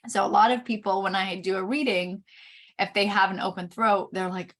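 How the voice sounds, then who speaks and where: A middle-aged woman giving a chart reading, explaining each point slowly with frequent pauses. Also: medium pitch, fairly bright tone. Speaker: Human Design reader.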